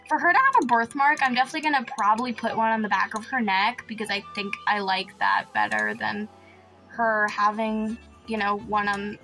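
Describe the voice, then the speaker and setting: A woman with a fairly high voice hosts a let's-play commentary. She gushes, gasps and squeals often, and slips into playful laughter. Soft music sits faintly underneath. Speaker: gaming channel host.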